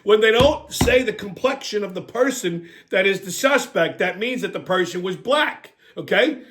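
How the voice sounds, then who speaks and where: A man's voice: sits high, lively intonation, normal speed, noisy background. Blunt, profane New man. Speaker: host. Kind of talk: opinionated comedic rant.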